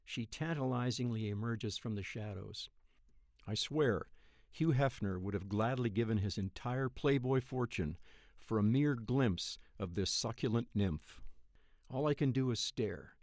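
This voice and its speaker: A man in his thirties narrating a first-person dream story in a wry, profane, deadpan way. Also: medium pitch, unhurried, no room sound, clean studio sound. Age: 30s.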